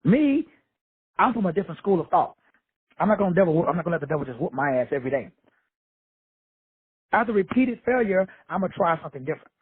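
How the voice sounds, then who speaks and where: A man's voice: high-pitched, sing-song, quick pace, long pauses, dry recording. A blunt, profane man, from Texas, giving a casual motivational lecture. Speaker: self-help lecturer. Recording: dry tinny phone-like audio, husky voice.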